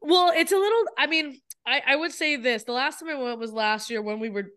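A woman's voice: high-pitched, a little fast, fairly bright tone. A woman co-hosting a casual podcast chat, reacting with big exclamations. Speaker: podcast co-host.

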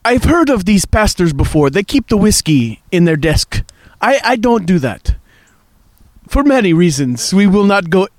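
A man's voice: high voice, big pitch swings, moderate pace. A man putting on a playful, self-mocking Russian accent by a cold outdoor campfire. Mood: mock-serious. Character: man faking a thick Russian accent, mock mobster.

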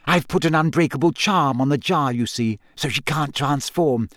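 Audiobook: eager, clever teenage witch girl, read by a man, lifted higher, quick and sure of herself, dry booth. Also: fairly bright tone, no room sound, natural voice. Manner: eager, brisk and know-it-all. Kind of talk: audiobook character voice.

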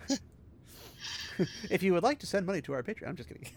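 A man co-hosting a podcast, reading a novel aloud and chatting about it casually, giggling and animated. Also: sits high, fast talker, gravelly.

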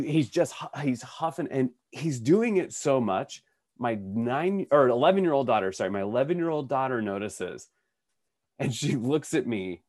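Recorded dry with studio quality, this medium-pitched man is a podcast co-host in his thirties or forties. Chatting casually, he tells an animated story, voicing other people's quotes and frequently restarting his sentences.

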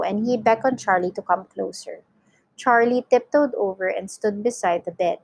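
A woman reading a children's novel aloud for a class, in clear, steady storytelling narration. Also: medium pitch, normal speed, dry recording, poor audio. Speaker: reader for an English class.

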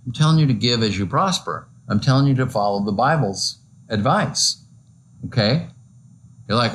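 A man's voice: medium pitch, wildly swooping pitch, normal speed, slight background noise. A male pastor giving a conversational, joking sermon full of rhetorical questions to his listeners.

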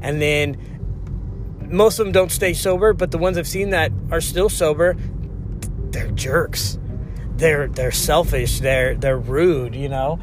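A man's voice: a little high, slow pace, noisy background. A man in recovery talking casually and bluntly about his own addiction, often calling the listener "dude". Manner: earnest and blunt, keeps saying "dude" and "right?". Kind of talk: casual vlog talk.

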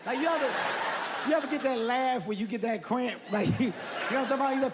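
A man doing stand-up storytelling, animated, with loud bursts and laughing at his own story. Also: very high voice, fast talker. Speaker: stand-up comedian. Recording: live stage recording with audience noise.

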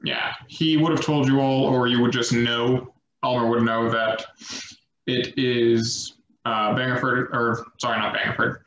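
A man narrating as game master in a relaxed, rambling way with many fillers. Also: medium pitch, a little slow, a little hiss or hum. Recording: echoey lo-fi room recording.

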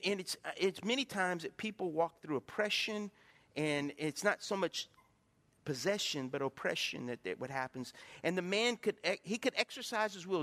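With a high, sharp-toned voice, this male pastor delivers his sermon, throwing questions out to the congregation for call-and-response. Long hall reverb from the church surrounds his words.

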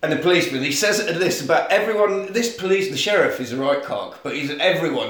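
A man's voice: a little high, fast talker, few pauses, a bit bright, heavy reverb. A man co-hosting a podcast, recapping a film in a jokey, sweary way. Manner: jokey, sweary recapping, slips into silly voices. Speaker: podcast co-host. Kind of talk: casual film podcast chat.

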